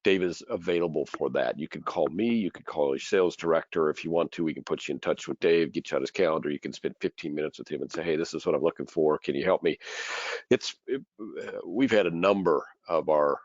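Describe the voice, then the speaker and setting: Male webinar host, low deep voice, dull dry audio. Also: quick pace, dry recording. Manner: brief affirmations, promotional wrap-up. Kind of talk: hosting a webinar.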